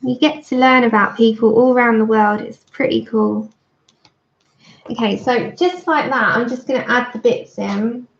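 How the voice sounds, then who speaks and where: Chatty woman, gravelly lo-fi. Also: a little high, normal speed. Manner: chatty, thanks viewers warmly by name. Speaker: livestream colouring host. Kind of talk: casual livestream chat while colouring. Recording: dull lo-fi stream audio.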